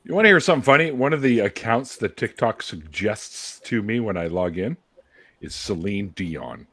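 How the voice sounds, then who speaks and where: A low, husky-voiced man hosting a relaxed online chat over a computer mic. His pitch swings widely as he rambles, swears and loses track of his own story. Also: moderate pace. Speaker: livestream host. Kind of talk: casual chat.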